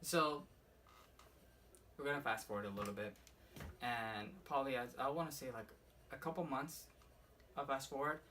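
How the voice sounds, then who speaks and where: A young man casually rambling through a personal ghost story for his vlog, swearing often and filling every pause with "like". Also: mid-range voice, sharp tone. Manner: rambling, profane, heavy use of "like". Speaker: vlogger. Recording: slightly distant mic with faint room noise.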